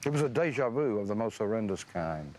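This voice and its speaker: A middle-aged man, telling memories slowly in an interview, pausing with uh and restarting his sentences. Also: lowish voice, sing-song, noisy background. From Mississippi, US. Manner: slow, musing, with frequent uh and restarts. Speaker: author interviewed. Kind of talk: reflective storytelling interview.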